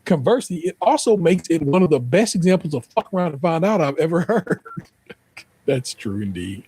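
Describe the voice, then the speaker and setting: Husky American man, podcast host, reads a post then jokes with profane comments, dry close mic. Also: on the high side, sing-song, a little fast, a little mellow, no room sound. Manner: profane, joking, spells out misspellings. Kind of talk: casual reading of an online post with commentary.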